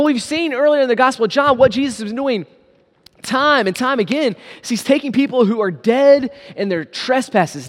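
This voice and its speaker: A man's voice: extremely high pitch, in a large hall. A man preaching a sermon, earnest and emphatic, often repeating a phrase for weight. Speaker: pastor.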